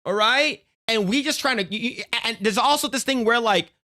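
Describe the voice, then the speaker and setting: A man's voice: very high-pitched, moderate pace, sharp tone. A man streaming a reaction to a clip. He rants in a casual, profane way, often stammering and restarting his sentences.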